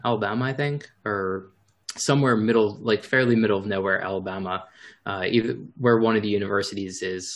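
A man's voice: on the low side, fairly bright tone. A man chatting casually as a podcast co-host, rambling with fillers. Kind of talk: casual chat.

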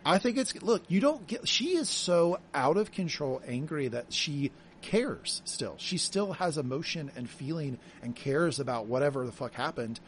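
A man co-hosting a podcast, chatting casually about a TV episode in an animated way and acting out quotes. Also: a little high, moderate pace, slight background noise. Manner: animated, acts out quotes with a laugh. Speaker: podcast co-host. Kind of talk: casual chat recapping a TV episode.

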